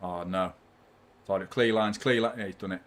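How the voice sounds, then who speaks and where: A man's voice: sits low, steady tone, normal speed. A man hosting a live football watchalong, giving chatty, partisan fan commentary and swearing freely.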